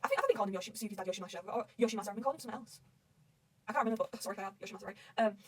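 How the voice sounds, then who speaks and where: A woman's voice: mid-range voice, rapid-fire, husky, distant mic, poor audio. A young woman gushing and rambling through a manga recap, swearing constantly. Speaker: manga reader reacting. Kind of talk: excited recap chat.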